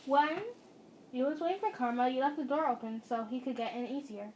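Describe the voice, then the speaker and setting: A woman's voice: high-pitched, brisk, darkish tone, a little hiss or hum, rough recording. A woman narrating a second-person story in a casual, chatty way.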